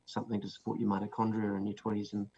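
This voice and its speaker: A man's voice: fairly low pitch, monotone, very fast, mellow. A man with a New Zealand accent, a guest author explaining his ideas with many fillers and restarts. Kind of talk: interview answers. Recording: dull lo-fi sound with faint noise.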